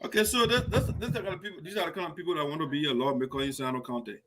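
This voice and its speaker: A man hosts a radio show, delivering indignant, emphatic political commentary. His voice sits high and sounds bright and forceful, and he often restarts his sentences. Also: racing. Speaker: host of a diaspora radio show.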